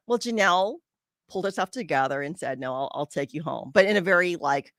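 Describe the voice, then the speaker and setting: A woman's voice: on the low side, quick pace, no room sound, clean studio sound. A woman podcast host telling a personal story and giving casual advice, acting out her friends' lines as she goes. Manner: animated, acts out quoted friends.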